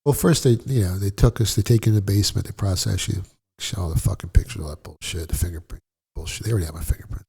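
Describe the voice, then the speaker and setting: A middle-aged man telling a personal story in a blunt, profane, animated way, as a guest in a casual interview. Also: low-pitched, quick pace, creaky, breathy edge.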